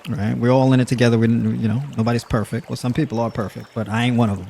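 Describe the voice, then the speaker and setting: A man's voice: medium pitch, little pitch movement, fast talker, gravelly, mellow, slight background noise. A man hosting a casual livestream, talking to his viewers, laughing often and using plenty of filler words. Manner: addresses audience with y'all. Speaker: livestream host. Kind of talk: casual livestream talk to the chat.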